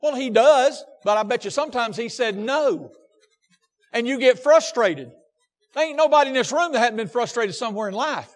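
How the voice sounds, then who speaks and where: Man, high voice, folksy preacher, hushed to impassioned, church reverb. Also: expressive, normal speed, soft background music. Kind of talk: sermon. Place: church hall. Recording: long hall reverb.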